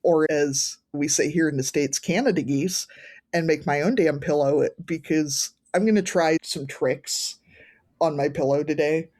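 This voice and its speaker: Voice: medium pitch, unhurried, a little mellow. Wry, joking podcast host. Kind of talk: casual chat.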